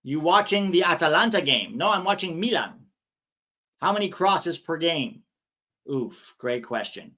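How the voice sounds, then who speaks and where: Young male streamer, higher voice, rambles through chat questions. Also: very animated, unhurried, sharp tone. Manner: chatty, rambling, reads viewer comments aloud. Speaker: watch-along host reading chat. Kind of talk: casual live-stream chat.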